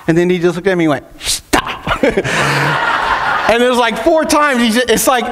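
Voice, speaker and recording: A man's voice: very high-pitched, big pitch swings, very fast, very noisy. A middle-aged man preaching a sermon as pastor, telling family stories in a conversational way and laughing often.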